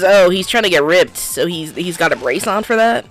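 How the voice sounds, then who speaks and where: A woman's voice: lowish voice, expressive, moderate pace, few pauses, soft background music. A woman streamer giving casual, joking commentary while playing a story game. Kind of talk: let's play commentary.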